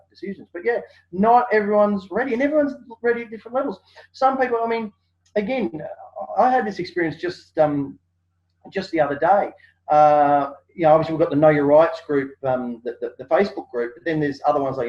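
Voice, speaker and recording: A man, a guest in a casual interview, telling stories animatedly and acting out what people say, with many fillers. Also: a little high. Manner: animated storyteller, acts out quotes, many fillers. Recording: dull lo-fi sound.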